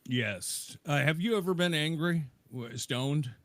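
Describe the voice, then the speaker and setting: A man co-hosting a casual chat who laughs easily and reacts warmly. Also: unhurried, dry recording, studio quality. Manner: jumps up in pitch, laughs easily. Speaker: co-host.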